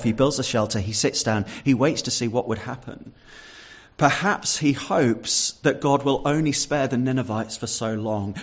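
A man's voice: on the low side, breathy edge. Earnest male preacher, muffled sound. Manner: earnest, reads Bible verses aloud and explains them; repeats words and restarts with fillers. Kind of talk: sermon.

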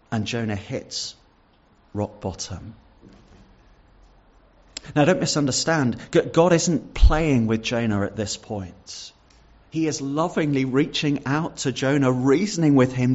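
A man's voice: mid-range voice, a little mellow, muffled recording. A man preaching a sermon, reading Bible verses and explaining them earnestly, with some stumbles and repeated words. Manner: repeats words and restarts with fillers.

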